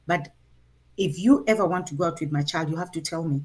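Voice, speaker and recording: A woman's voice: low voice, a little fast. A middle-aged woman with a Kenyan accent, telling a parenting story in a conversation and acting out the quotes. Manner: animated, acts out quotes in her story. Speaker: guest sharing a parenting story.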